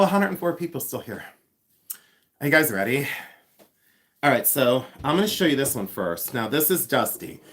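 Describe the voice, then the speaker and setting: A man's voice: medium pitch, a bit bright. A man hosting a casual livestream from his home, chatty and scattered, with lots of fillers and apologies. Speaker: livestream host, reseller. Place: home, often moving around the house.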